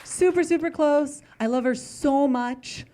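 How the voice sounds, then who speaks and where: A woman's voice: sits high, unhurried, mellow, a little hiss or hum. Chatty young woman doing stand-up. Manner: chatty, full of "like" fillers. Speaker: stand-up comedian. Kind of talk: stand-up comedy set.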